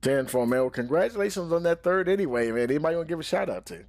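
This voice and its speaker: A man hosts post-race interviews in a folksy, easygoing way, stretching out his interjections. His voice sits at a middle pitch. The sound is dry and close. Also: expressive, rapid-fire, vocal fry, a little mellow, no room sound. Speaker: broadcast host interviewing drivers.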